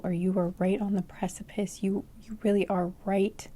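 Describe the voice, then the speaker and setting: A woman talking through a tarot reading with a mellow, darkish tone. She rambles and restarts, reaching for the right word, and her voice is wearing thin, so she keeps it low and close to the microphone. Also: level tone, fairly quick, hardly any pauses. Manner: rambling, searching for words with many "like"s and restarts. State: losing her voice. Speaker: tarot reader. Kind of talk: casual tarot reading to camera.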